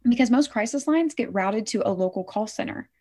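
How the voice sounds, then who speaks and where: A middle-aged woman from Oklahoma, a suicide prevention worker, talking as an interview guest in a lively way that checks in with "right?" and acts out quotes. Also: fairly high pitch, brisk. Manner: animated, says "right?" often, acts out quotes. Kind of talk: conversational interview.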